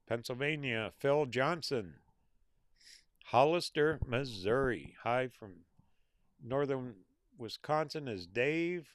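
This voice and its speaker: A man's voice: mid-range voice, fairly bright tone, no room sound, clean studio sound. A middle-aged American man hosting a casual livestream, reading out viewer names and comments in an easygoing, folksy way. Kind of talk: casual live chat.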